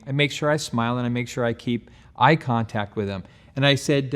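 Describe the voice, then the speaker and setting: A middle-aged man with a voice of ordinary pitch gives a casual sales training talk. He speaks in a relaxed, conversational way, slipping into short acted-out exchanges with customers at the door. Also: fairly quick, hardly any pauses. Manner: relaxed, acts out doorstep dialogue.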